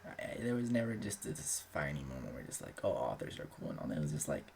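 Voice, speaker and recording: This young man, an aspiring author running his own channel, talks fast and very animatedly in a rumbling low voice with vocal fry and a slightly mellow tone. His casual chat wanders loosely, full of fillers and swearing, over a faint hiss or hum.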